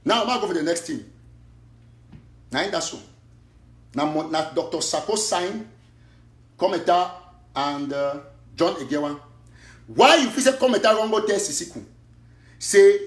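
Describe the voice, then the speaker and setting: Fiery Cameroonian pidgin-speaking man, high-pitched. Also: expressive, normal speed, pauses often, echoey room. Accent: Cameroonian Pidgin English. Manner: impassioned, rants in bursts and mixes pidgin with English. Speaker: online activist commentator. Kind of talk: fiery livestream monologue.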